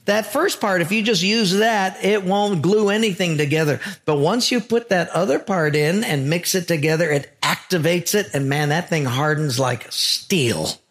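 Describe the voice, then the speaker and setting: A man's voice: sits high, moderate pace, few pauses, a bit bright. A man preaching a sermon as a pastor, earnest and emphatic, telling stories to drive his point home.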